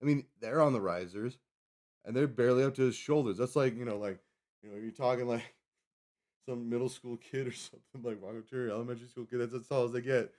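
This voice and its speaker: A little fast and darkish in tone, this medium-pitched voice has fairly even intonation. It belongs to a man in his thirties who chats on a live stream, digressing freely and fixing his own words as he talks.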